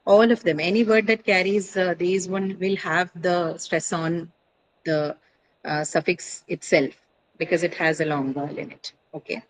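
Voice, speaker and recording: A woman's voice: on the low side, unhurried, rough recording. A woman teaching an English pronunciation class online, explaining step by step with frequent "uh" and "right?" checks.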